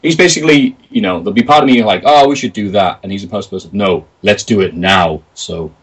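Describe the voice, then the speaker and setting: A man's voice: fairly low pitch, animated, quick pace, husky, distant mic, poor audio. A British man telling stories in a casual interview, chatty and jokey, acting out quotes in other voices. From Britain. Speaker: interview guest, video creator.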